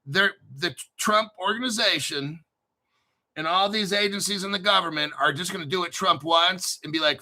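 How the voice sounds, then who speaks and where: A middle-aged man with a New Jersey accent, hosting a casual crypto talk show in an excitable, profane, rambling way. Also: high-pitched, moderate pace. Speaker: crypto channel host. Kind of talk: casual livestream chat.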